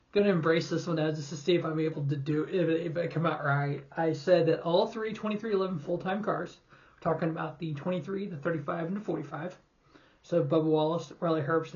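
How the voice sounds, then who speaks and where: A man hosting his own sports show, talking casually and rattling off statistics in quick lists. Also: on the high side, a little mellow, highs cut off. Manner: rambling, reads stats in quick lists. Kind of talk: casual solo sports talk.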